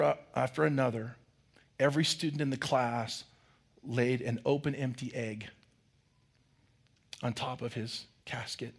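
A man's voice: medium pitch, creaky, husky. A man preaching a sermon as pastor, telling a story and acting out the voices of children and a teacher.

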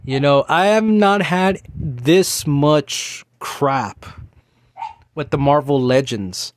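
A man's voice: a little high, takes it slowly, dry recording, clean studio sound. A man in his thirties hosting a casual solo talk show, rambling and ranting, with many restarts and fillers. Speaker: podcast host.

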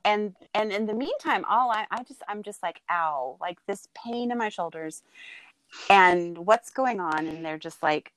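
A middle-aged woman telling her daughter the story of her birth in a casual, heartfelt talk, halting and full of fillers. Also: mid-range voice, no room sound, poor audio. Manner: tender, halting, with many fillers and laughs.

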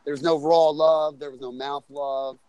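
A man's voice: on the high side, steady tone, unhurried, darkish tone, smooth, dry recording, poor audio. Rambling, profane man telling a story. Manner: rambling, profane, says "right?" and "you know what I'm saying" often. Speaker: storyteller on a group call. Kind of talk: casual crude storytelling. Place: on a loud street outside a bar.

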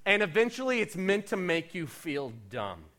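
A man pastor preaching a sermon in an animated, conversational way with playful asides. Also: high-pitched, normal speed.

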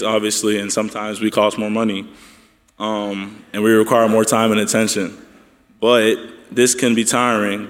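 A man on a church panel speaks in a steady, measured way. His low voice barely moves in pitch. It echoes through a large hall with long reverb.

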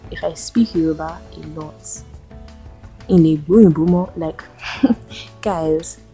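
A young woman with a Nigerian accent hosts her own podcast, venting with rhetorical questions. Her voice sits low and mellow, with a gravelly fry running through it. Faint music plays underneath. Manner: ranting, exasperated rhetorical questions. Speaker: podcast host. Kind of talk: solo podcast monologue.

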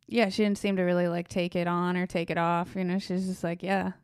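A woman's voice: lowish voice, level tone, a little fast, a little mellow, smooth, no echo, studio quality. A young woman co-hosting a podcast, telling loose, profane stories in casual chat. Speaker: podcast co-host.

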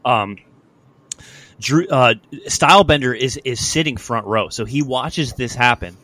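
A young man hosting a podcast, chatting casually about fights in a loose, profane, animated way. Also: medium pitch, unhurried, dry recording. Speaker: podcast host. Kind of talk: casual sports chat.

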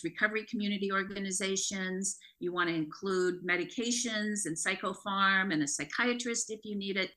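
A woman's voice: mid-range voice, bright, forceful tone. A woman co-hosting a podcast, explaining family recovery steps in an earnest, coaching way. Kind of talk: casual podcast discussion.

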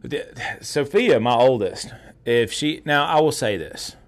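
A man in his thirties chatting casually and relaxed, often chiming in with short agreement. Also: medium pitch, a little slow. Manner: relaxed, frequent agreeing interjections. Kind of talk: casual chat.

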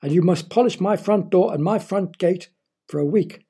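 A man's voice: mid-range voice, normal speed, warm tone, slightly rough. A man voicing a cross, snappish male neighbour in a children's story. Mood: snapping. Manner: snappish, accusing.

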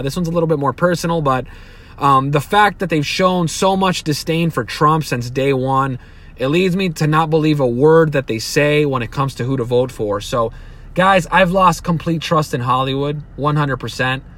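A young man delivers a solo podcast rant, his voice sitting slightly high. He swears freely, trips over restarts and circles back on his points as his temper rises. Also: a bit bright. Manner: profane, heated, rambling with restarts. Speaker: podcast host. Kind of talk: opinionated solo podcast monologue.

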